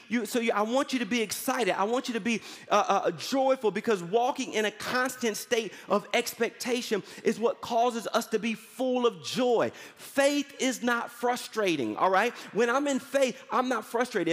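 A male pastor preaching with high, bright energy and constant call-and-response prompts to his congregation. His voice rings with a long hall reverb, as if from a large church sanctuary. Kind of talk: sermon.

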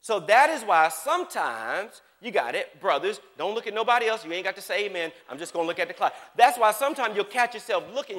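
A male preacher with a high, bright voice delivers a lively sermon. He keeps asking his listeners if they follow, dropping to hushed asides and rising to shouts. His words ring out with a long hall reverb. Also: fairly quick, hardly any pauses. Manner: animated, repeatedly checks in with the audience.

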